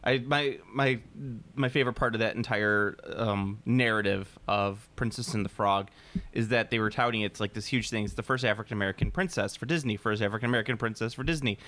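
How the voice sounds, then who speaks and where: A man's voice: fairly low pitch, a little fast, fairly bright tone. A man co-hosting a casual hobby podcast, joking around and rambling with lots of restarts. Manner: joking, rambling, with many restarts and bits of humming. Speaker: podcast co-host. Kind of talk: casual chat.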